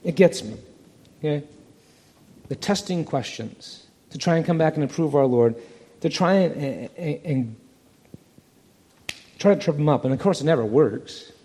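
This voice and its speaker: A man preaching an expository sermon in a lively, storytelling manner, acting out the voices of the figures in the parable. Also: fairly high pitch, a little slow, long pauses, slightly rough. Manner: animated, acts out the parable's voices. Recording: long hall reverb.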